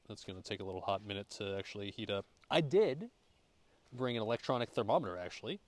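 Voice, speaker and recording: A man's voice: on the low side, no room sound. A young American man casually chatting and cooking at an outdoor campground, joking, swearing loosely and thanking his chat. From United States. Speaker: streamer.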